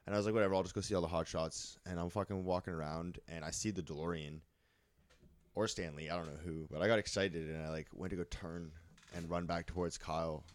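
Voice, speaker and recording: A man co-hosting a podcast, telling con stories in a rambling, animated way with lots of swearing, a bit sweaty and out of breath. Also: low-pitched, fairly quick, dry recording. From Canada. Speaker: podcast co-host. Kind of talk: casual storytelling chat.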